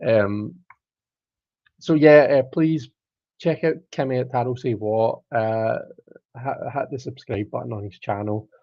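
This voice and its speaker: A man in his thirties chats casually on a tarot live stream, rambling from one thing to the next and greeting viewers by reading their comments aloud. His middle-pitched voice sounds dry and close. The audio is dull and lo-fi. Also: slow pace, long pauses, dark tone, no echo. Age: 30s.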